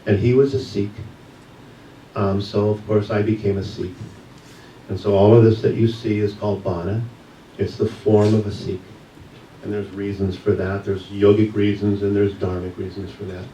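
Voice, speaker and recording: A man's voice: lowish voice, level tone, moderate pace, warm tone, lo-fi sound. A man giving an earnest, reflective personal testimony as a guest speaker at a church service. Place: church sanctuary. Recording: echoey room, distant mic, faint hiss.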